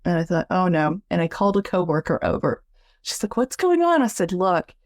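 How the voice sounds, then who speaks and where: A woman telling a personal story in a lively, casual way, acting out the voices she quotes and laughing along. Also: brisk, no room sound, clean studio sound. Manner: animated, acts out quoted voices with big pitch jumps; laughs often while telling. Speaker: guest storyteller.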